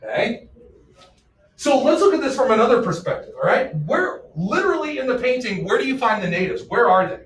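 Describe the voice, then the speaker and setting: This man's voice is very high-pitched and fairly quick as he teaches a history class, cracking jokes and peppering students with questions in an animated way. The mic is far off in an echoey classroom.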